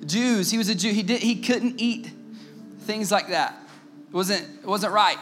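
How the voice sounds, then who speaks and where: High-voiced man telling a casual sermon. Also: unhurried, faint music behind. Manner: conversational, asks the audience, drops to a low hushed tone for the tense parts. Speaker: youth preacher.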